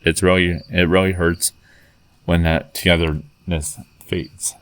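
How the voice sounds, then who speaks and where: Deep, flat-voiced man rambling earnestly. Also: no room sound. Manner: earnest, rambling, halting storytelling. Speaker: vlogger. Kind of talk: casual spoken retelling of a text chat.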